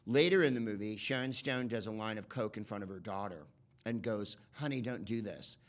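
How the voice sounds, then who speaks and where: A man doing stand-up comedy, rambling and profane, slipping into quick voice impressions. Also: on the low side. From United States. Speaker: comedian and podcast host.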